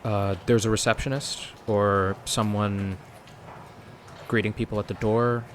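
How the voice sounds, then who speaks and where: A man playing a polite businessman character in a tabletop game, measured and formal, laughing often. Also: fairly low pitch, level tone, a little hiss or hum. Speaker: player.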